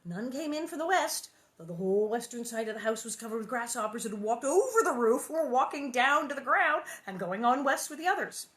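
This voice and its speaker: A woman's voice: on the high side, animated, a little fast, few pauses, a bit bright. Woman reading a storybook aloud. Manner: squeamish, jokey asides. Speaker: reader. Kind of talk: reading a children's book aloud with chatty asides.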